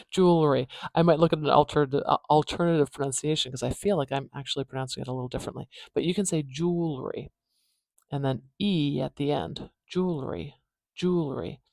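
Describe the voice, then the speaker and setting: A woman, a speech pathologist who teaches phonetics in a casual lesson and repeats words slowly to demonstrate their sounds. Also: low-pitched, vocal fry, a little mellow, no echo, studio quality.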